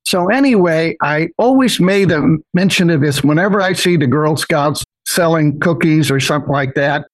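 A man's voice: a little high, normal speed, few pauses, dry recording, rough recording. An older man, a podcast guest, telling a personal story in a rambling, folksy way, often saying "so anyway".

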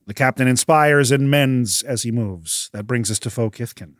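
A man running a tabletop game as game master, narrating the battle in a measured, descriptive way. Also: mid-range voice, dry recording, clean studio sound.

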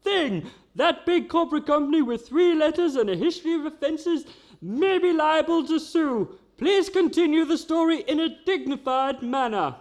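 A man's voice: very high-pitched, lively intonation, normal speed. A man narrating a community radio comedy in a mock-formal way. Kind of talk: comic storybook narration.

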